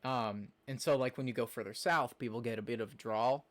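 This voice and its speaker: A young man talks to his stream chat in a loose, rambling way. He fills his sentences with "like" and "um" and answers viewers as he goes. His voice sits at an ordinary middle pitch. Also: a little fast, fairly bright tone. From Nebraska, USA. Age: young adult. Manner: rambling, chatty, lots of fillers, reacts to chat. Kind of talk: casual live-stream chat.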